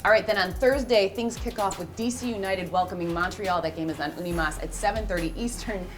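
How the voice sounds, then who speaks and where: A woman's voice: mid-range voice, faint music behind. A woman in her thirties hosting a soccer show, running the schedule and teasing her co-host playfully. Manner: bubbly, teasing, leads the rundown with quick setups.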